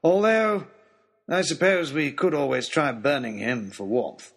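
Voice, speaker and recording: A man's voice: on the high side, measured pace, fairly bright tone. A man voicing an irritable, haughty older lord who snaps his words. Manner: snappish, haughty.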